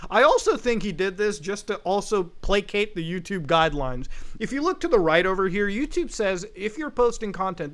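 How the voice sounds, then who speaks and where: A man doing sarcastic, animated commentary on a video channel, swearing casually. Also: sits high. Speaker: commentary YouTuber. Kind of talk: reaction commentary.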